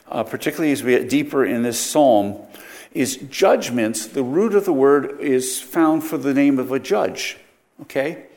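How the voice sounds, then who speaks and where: A man's voice: medium pitch, darkish tone. A man teaching a Bible study lecture, explaining verses with frequent rhetorical questions and self-corrections.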